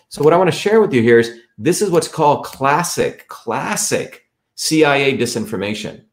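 A man's voice: mid-range voice, animated, moderate pace. A man hosting a livestream, walking viewers through a website in an emphatic, repetitive way and checking in with the audience often. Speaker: livestream host.

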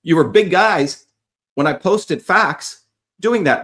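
A man's voice: high voice, lively intonation, slow pace. Furious profane man ranting. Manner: profane, shouting insults at commenters. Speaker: online commentator. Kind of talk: angry rant to viewers.

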